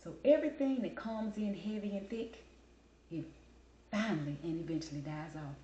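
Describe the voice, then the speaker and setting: A woman telling a casual story in a lively, colloquial way, calling people honey and baby. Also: lowish voice, normal speed, echoey room, muffled recording, slight background noise. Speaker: vlogger.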